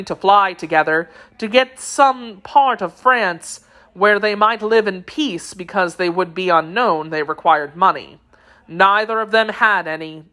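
A woman reading the part of a stern, vengeful male executioner in an audiobook, telling his account in a slow, solemn manner. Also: mid-range voice, sharp tone.

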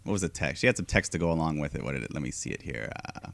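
A man co-hosting a podcast in casual chat, laid-back and quick to laugh and agree. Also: very deep voice, lively intonation, gravelly, fairly bright tone. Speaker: podcast co-host.

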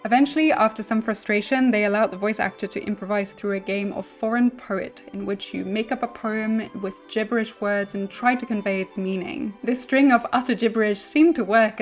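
A woman who is not American, a linguist, reading a scripted explainer in a clear, measured, lightly humorous way. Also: a little high. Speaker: linguist presenting a video essay.

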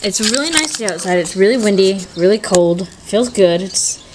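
A woman's voice: mid-range voice, expressive, normal speed. A teenage girl rambling casually as she films a vlog at home. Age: teens. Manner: rambling, chatty, blunt. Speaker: vlogger. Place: at home and outside in the rain. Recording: loud background noise.

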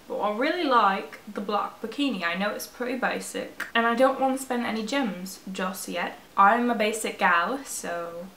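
A woman's voice: medium pitch, moderate pace, hardly any pauses, a bit bright, echoey room, a little hiss or hum. A young woman chatting casually while she plays a phone game, self-mocking and swearing freely. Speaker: vlogger playing a phone game. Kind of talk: casual gameplay chat.

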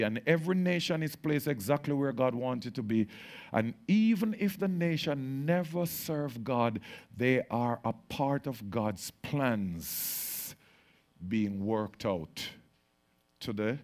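A male pastor preaching at a slow, deliberate pace. His voice sits in a middle register, sinks low and soft for solemn lines, and climbs high and loud when he gets worked up. He leans into words and lets them hang. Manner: slow, drawn-out preaching that swings from quiet to loud and excited. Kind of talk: sermon.

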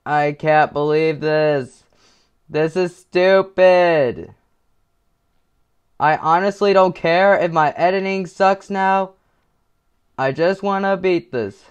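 A man giving gameplay commentary with headphones on, muttering to himself and swinging into frustrated yelling. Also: a little high, slow pace, pauses often, smooth. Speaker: gaming video creator.

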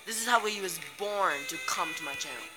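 A woman's voice: medium pitch, lively intonation, brisk, low-quality recording. A young woman YouTuber rambling casually and reading comments aloud on a phone recording. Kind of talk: casual reaction video. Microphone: phone screen recorder. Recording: music playing underneath.

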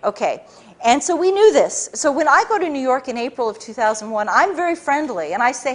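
A woman giving a talk to a live audience, telling a story in an animated way with many restarts and repeated words. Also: sits high, fairly quick. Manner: animated, frequent restarts and repetitions. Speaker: public speaker giving a talk.

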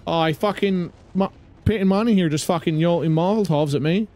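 A man's voice: high-pitched, a little fast, mellow. A man with a British accent doing live gameplay commentary, swearing and ranting at the game in exasperation. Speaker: streamer.

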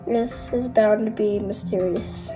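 A woman hosting a reaction video in casual chat with viewers, giggly and full of fillers, her voice a little rough from being sick. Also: medium pitch, fairly even intonation, slow, music in the background, poor audio. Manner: giggly and chatty, many fillers.

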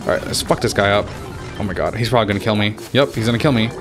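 A man's voice: fairly low pitch, racing, over music. A young man giving casual gameplay commentary, getting frustrated, swearing and trash-talking opponents as he plays. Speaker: gaming YouTuber.

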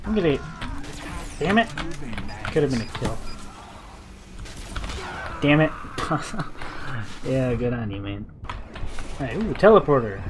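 A young man giving jittery, self-mocking commentary while playing a game, with excitable outbursts. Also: medium pitch, slow, pauses often, noisy background. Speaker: gaming video creator. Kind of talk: live gameplay commentary.

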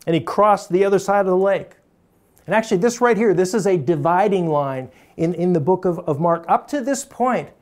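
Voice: mid-range voice, darkish tone. A pastor preaching a sermon in a conversational, emphatic way, often breaking into small chuckles.

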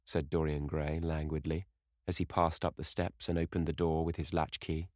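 A man reads a classic novel aloud in a measured storytelling manner. His voice sits very low and deep. The sound is dry and close, without any room echo. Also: little pitch movement, darkish tone. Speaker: audiobook narrator. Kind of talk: scripted narration of a classic novel.

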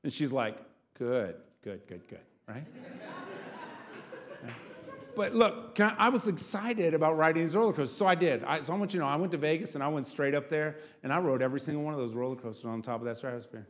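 A man preaching as pastor, animated, often checking in with the congregation with a quick "right?". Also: fairly high pitch, in a large hall. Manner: animated, keeps asking "right?". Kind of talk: sermon.

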